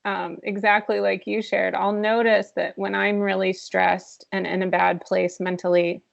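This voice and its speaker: A woman's voice: mid-range voice, vocal fry. A woman guest in a candid interview, talking earnestly and reflectively and laughing often, heard over a video call. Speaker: podcast guest, author. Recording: dull lo-fi call audio.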